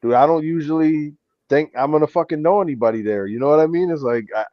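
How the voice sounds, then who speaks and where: A man from Springfield, Massachusetts, with a Western Massachusetts accent, co-hosts a casual chat, rambling, swearing and saying "like" constantly. His voice is a little high and fast, with no echo but lo-fi sound.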